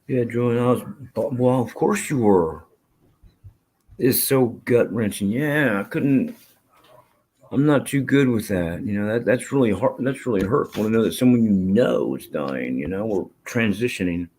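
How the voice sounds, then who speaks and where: A man's voice: fairly low pitch, animated, unhurried, a little mellow, husky. A man hosting a live stream, chatting casually and profanely with his viewers, rambling from topic to topic. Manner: rambling, profane, reads chat aloud.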